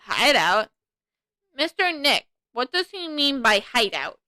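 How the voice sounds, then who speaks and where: A woman giving voice to an outspoken young sidekick from a game. The voice is high and bright and sounds close and dry. She speaks slowly and blurts out her doubts. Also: big pitch swings, no echo, exaggerated voice. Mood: puzzled. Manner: blunt, questioning. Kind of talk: fan reading of a video game.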